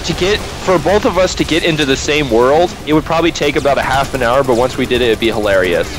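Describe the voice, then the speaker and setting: Young male gaming commentator, chatty and joking, game music loud behind him, mid-pitched voice. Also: fast, rough recording. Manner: chatty, joking, rambling with restarts. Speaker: gameplay commentator. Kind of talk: casual co-op gaming chat. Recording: game music playing under voice.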